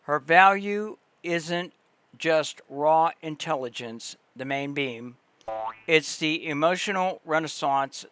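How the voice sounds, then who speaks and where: A man with a somewhat high voice reads a long passage aloud on his livestream. He goes slowly and deliberately, pausing between phrases. The sound is close and dry. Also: fairly bright tone, dry recording. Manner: slow, deliberate reading with pauses and restarts. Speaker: livestream host. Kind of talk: reading text aloud on a livestream.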